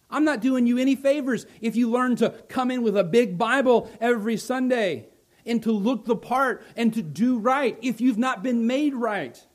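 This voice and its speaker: A male pastor preaching a sermon, building to loud emphatic lines, then dropping soft and slow. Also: very high voice.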